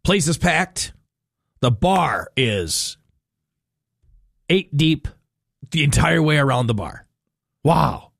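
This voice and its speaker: A radio host chats his way through a casual segment, his voice sitting a little high for a man. He tells stories with lots of energy and slips into playful voices when he quotes people. The sound is close and dry, with no room echo. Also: slow, creaky, pauses often. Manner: chatty, animated storytelling with playful quoted voices. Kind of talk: casual talk radio chat.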